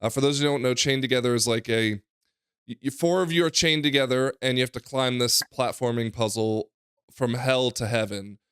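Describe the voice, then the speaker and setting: Man, hoarse podcast host, smooth resonant tone, dry close sound, casual rambling chat. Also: mid-range voice, normal speed, fairly bright tone, dry recording. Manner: laughing, rambling storyteller.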